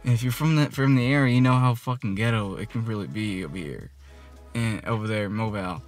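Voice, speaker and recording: A man's voice: fairly low pitch, brisk. A man, telling a rambling, profane storytime vlog full of fillers. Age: 20s. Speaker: vlogger. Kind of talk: casual storytime rant. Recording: music playing behind. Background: music.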